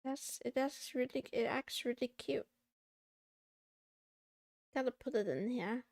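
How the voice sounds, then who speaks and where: A woman's voice: on the high side, unhurried, darkish tone, dry recording, studio quality. A woman VTuber streamer in casual livestream chatter while studying, muttering to herself and slipping in playful meows and silly sounds.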